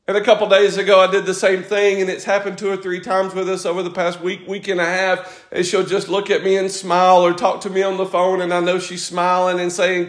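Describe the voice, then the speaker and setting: Guy preaching, kinda high voice, repeats stuff and drags out the big lines, lots of room echo. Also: steady tone. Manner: repetitive, builds up to emphatic drawn-out phrases. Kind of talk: sermon. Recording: echoey room.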